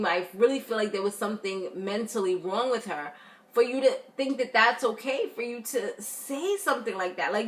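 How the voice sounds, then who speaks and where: A woman's voice: mid-range voice, a bit bright. A woman recapping a reality show in a casual vlog, chatty and blunt, with lots of fillers. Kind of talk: casual review chat.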